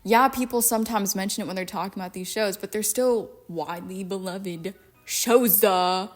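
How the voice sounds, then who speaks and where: A young adult woman giving casual film commentary in a profane, sarcastic, animated way. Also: mid-range voice, moderate pace, a little hiss or hum. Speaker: YouTube commentator.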